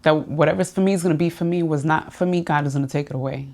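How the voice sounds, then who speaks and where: Woman podcaster, low warm voice, heartfelt personal talk straight to listeners. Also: very fast, gravelly. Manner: heartfelt, confiding, emotional at times. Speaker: podcast host. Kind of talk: personal reflective monologue.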